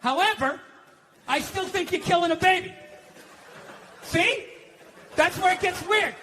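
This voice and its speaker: An American man doing stand-up, ranting and profane, with a very high, strained voice. His tone is bright and forceful as he pushes each line. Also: a little slow, slight background noise. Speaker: stand-up comedian. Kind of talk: stand-up comedy.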